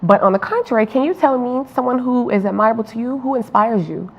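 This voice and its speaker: A woman's voice: a little high, lively intonation, fast. Encouraging woman interviewer, lo-fi sound. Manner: encouraging, frequent affirmations. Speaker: student interviewer. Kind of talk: casual interview conversation. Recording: dull lo-fi recording.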